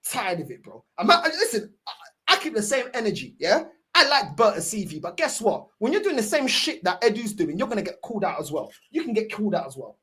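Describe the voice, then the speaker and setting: A woman's voice: medium pitch, sing-song, fairly quick, sharp tone, slightly rough. A woman, ranting angrily and scornfully as a football fan streamer. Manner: angry, sweary, scornful ranting.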